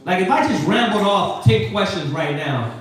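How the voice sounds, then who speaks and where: Animated preacher man in an echoey room. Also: high voice, moderate pace, recorded from a distance. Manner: animated preaching with slangy asides and questions to the class. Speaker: teacher leading a Sabbath scripture class. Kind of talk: call-and-response scripture teaching. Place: classroom or meeting hall with a live group.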